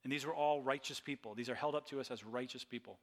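A man's voice: mid-range voice, fast, in a large hall. A man preaching a sermon as pastor, earnest and often repeating phrases.

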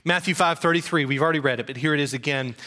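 Bright-voiced man preaching. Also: fairly high pitch, racing. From rural Georgia, US. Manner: storytelling, folksy, self-deprecating. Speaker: pastor. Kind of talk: sermon with personal stories.

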